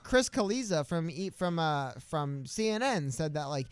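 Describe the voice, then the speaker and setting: A man co-hosting a casual political live stream, talking in an easygoing, animated way. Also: a little high, moderate pace, clear, resonant tone, no room sound. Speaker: co-host.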